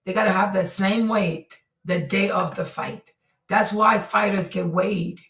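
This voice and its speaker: A woman's voice: mid-range voice, fairly even intonation, a little slow, gravelly, a bit bright. Emphatic woman, echoey and off-mic. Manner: emphatic, repetitive, exclaiming. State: losing her voice. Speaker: host. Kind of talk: commentary on a criminal case. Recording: echoey room, far from mic.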